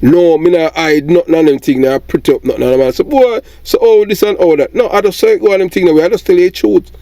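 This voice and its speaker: A man's voice: high voice, quick pace, warm tone, no room sound. A middle-aged Jamaican man with a Jamaican accent, commenting in a rambling monologue and often asking "you understand?".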